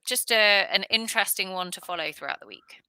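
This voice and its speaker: Woman cohost, really bright voice, dry close sound, steady and measured. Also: medium pitch, clear, resonant tone, no echo. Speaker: podcast co-host. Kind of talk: casual chat.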